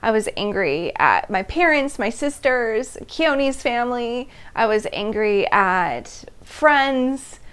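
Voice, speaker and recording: A woman in her thirties, speaking with a voice pitched a little above most women's. She hosts a personal storytelling monologue in an animated, open way, laughing between phrases and briefly acting out how she reacted back then. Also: slow, few pauses, clean tone. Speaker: host.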